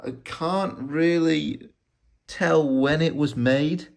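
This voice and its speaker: A man's voice: on the high side, fairly even intonation, slow, gravelly. A man from Wales, casually rambling and self-deprecating as he shows his map collection in a vlog. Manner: rambling, self-deprecating, chatty with many ums. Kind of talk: casual rambling show-and-tell.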